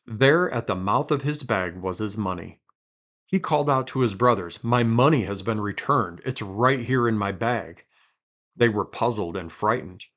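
Man reading scripture with quiet drama. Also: lowish voice, moderate pace. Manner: reads with quiet dramatic emphasis, chats between passages. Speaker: podcast host reading scripture aloud. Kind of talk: conversational Bible reading.

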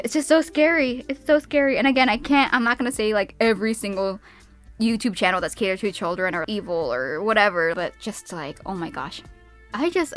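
Rambling young woman venting to camera. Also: on the high side. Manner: rambling, animated, restarts sentences, frequent laughs. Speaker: YouTuber. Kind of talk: casual vlog rant.

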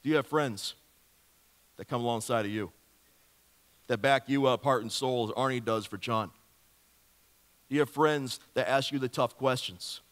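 A male pastor delivers a sermon in a mid-pitched voice, animated and playful as he spins a story and keeps asking the congregation questions. His words carry a long church reverb, the sound hanging in a large hall. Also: moderate pace, pauses often. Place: church sanctuary.

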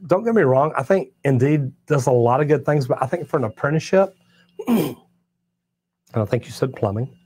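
A man's voice: mid-range voice, expressive, moderate pace, darkish tone, husky. A middle-aged man from Texas, a master plumber hosting a live stream, answering viewer comments in a friendly, encouraging way and often repeating himself.

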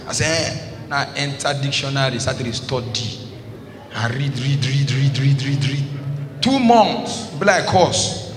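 A man's voice: medium pitch, animated, measured pace. A Nigerian man telling a comic story in Pidgin at a stand-up show, often laughing as he talks. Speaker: stand-up comedian. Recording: echoey hall with clear noise.

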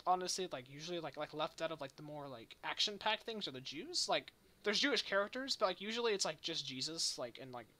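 A man's voice: on the high side, lively intonation, fast talker, bright, forceful tone. A young man hosting a casual podcast chat, rambling and retelling stories with lots of filler words. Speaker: podcast host.

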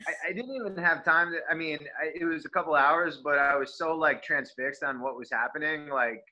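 A man's voice: on the high side, brisk, dull audio. A man from the United States, a guest on a video call, telling a travel story in casual chat full of fillers. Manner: animated anecdote-telling with many fillers.

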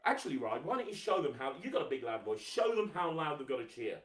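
A bright, forceful man hosts a live magic show for children, coaxing and teasing with lots of energy. He stands back from the mic in an echoey room. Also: mid-range voice, big pitch swings, fast, far from the mic. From England. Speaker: host, magician. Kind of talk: live kids' show hosting.

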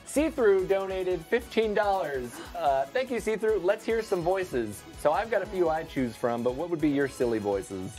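A man's voice: high voice, animated, normal speed, few pauses, a little mellow. A man hosting a casual livestream chat, playful, reading out donations and keeping the talk moving. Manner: playful, reads donations, tries silly impressions. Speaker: stream host. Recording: music playing in the background.

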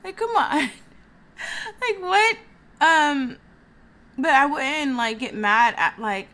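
Young woman, higher-pitched, casual vlog chat, venting and sighing. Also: sharp tone. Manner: venting, chatty, heavy use of "like", frequent sighs. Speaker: vlogger.

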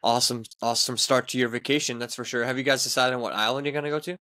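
A man's voice: mid-range voice, fairly even intonation, racing, pushed and bright, dry recording, studio quality. A man co-hosting a casual podcast chat, encouraging and full of fillers like "like" and "you know.". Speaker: podcast co-host.

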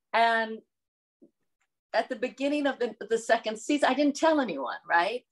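A woman from the American South, middle-aged, talks through her work in a relaxed interview. She is lively and often laughs, slipping into other voices when quoting people. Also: a little high. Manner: animated, laughs often, acts out quotes. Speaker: actress, interview guest. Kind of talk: casual interview chat.

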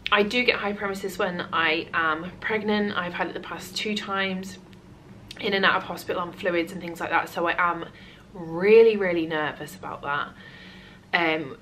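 A woman's voice: fairly low pitch, normal speed, fairly bright tone, a little hiss or hum. A British woman vlogging at home in casual chat to camera, chatty and rambling, often out of breath. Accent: British English. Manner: chatty and rambling, with many fillers.

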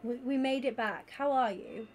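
A woman, chatting casually and excitably with viewers during a gaming stream. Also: high-pitched, moderate pace, a little hiss or hum. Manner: excitable and gushing, chatting with viewers while she plays. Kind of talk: casual live-stream chat.

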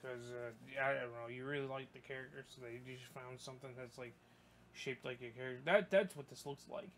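A young man commentating his gameplay, swearing a lot and breaking into yelps and shouts when things go wrong. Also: medium pitch, fairly even intonation, brisk, a little hiss or hum. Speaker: gaming YouTuber. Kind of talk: let's play commentary.

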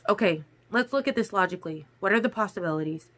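A woman voicing a tense, protective young male vampire who speaks in a low, hard, clipped way in a storybook reading. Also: expressive, fast talker, fairly bright tone.

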